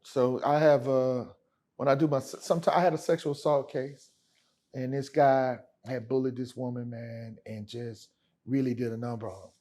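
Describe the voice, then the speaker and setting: His voice is medium in pitch and dark in tone, with a level delivery at a moderate pace. The man, a lawyer guest in an informal interview, spins stories emphatically in slang, calling his host "man" and "brother."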